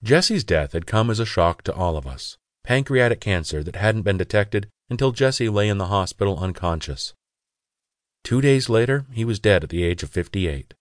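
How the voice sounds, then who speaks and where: Low-voiced guy reading a first-person audiobook, lively pitch, dead dry studio sound. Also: normal speed, no echo. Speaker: audiobook narrator.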